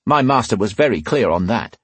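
A man's voice: fairly low pitch, animated, brisk, fairly bright tone, husky, dry recording. A man playing a smug, cocky young nobleman messenger in a fantasy audiobook, teasing and mock-polite.

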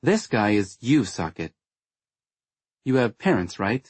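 A man voicing a witty young woman who lectures in a frank, lightly sarcastic way, with a husky tone. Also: medium pitch, sing-song, a little slow, dry recording. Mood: explaining playfully. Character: witty teasing young woman, blunt and playful.

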